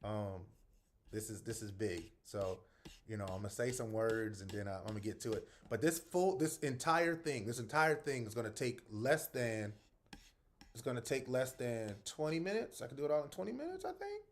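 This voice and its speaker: A man with an ordinary mid-range voice, hosting a live video. He calls out viewers by name in a lively, friendly way, then talks quietly and sincerely about his project. Middle-aged and relaxed. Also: mid-range voice, normal speed. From North Charleston, South Carolina. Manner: upbeat, shouting out viewers by name; soft and earnest when speaking from the heart. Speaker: livestream host. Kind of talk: casual livestream greeting viewers.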